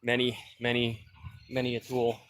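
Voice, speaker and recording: This man's mid-range, slightly bright voice comes out completely flat at a moderate pace as he works on a car outdoors in his backyard and livestreams it. Winded, he rambles loosely through casual chat and calls out viewers by name.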